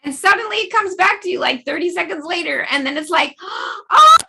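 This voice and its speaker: A woman's voice: very high voice, expressive, fast, gravelly, very noisy. A middle-aged woman leading a laughter yoga class, cheerful and full of laughter and chanting. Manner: bubbly, frequent laughter and chanting. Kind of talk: guided group exercise over video.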